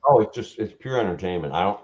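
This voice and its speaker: Low-voiced man co-host, dull audio. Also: expressive, quick pace. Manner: short reactions, laughs a lot. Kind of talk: casual livestream chat.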